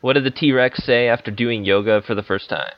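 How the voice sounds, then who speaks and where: A man's voice: medium pitch, fairly quick. A man co-hosting a casual podcast, hesitant and dry, with many ums while he gets to his jokes. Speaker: podcast co-host. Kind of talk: casual chat. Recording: dull lo-fi mic.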